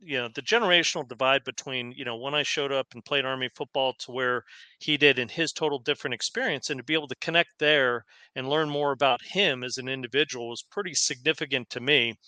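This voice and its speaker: A man's voice: mid-range voice, fast, pushed and bright, clear, resonant tone, dry recording. A man hosting an interview, speaking earnestly and searching for his words, with frequent fillers. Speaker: host. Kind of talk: casual interview.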